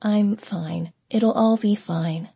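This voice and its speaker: A woman reading the lines of a tearful middle-aged mother who brushes off her troubles, speaking softly and reassuringly. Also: medium pitch, slow pace, creaky, breathy edge, dry recording, exaggerated voice.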